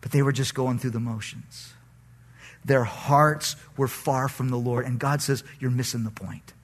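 A male pastor preaching a sermon in an animated, conversational way, with a raspy voice. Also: mid-range voice, measured pace.

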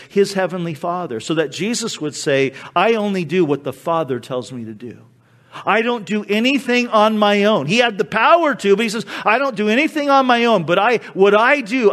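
High-voiced man preaching with dramatic swings. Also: fairly bright tone. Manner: dramatic, acting out quoted speech with sudden drops and swells. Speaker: pastor. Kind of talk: sermon.

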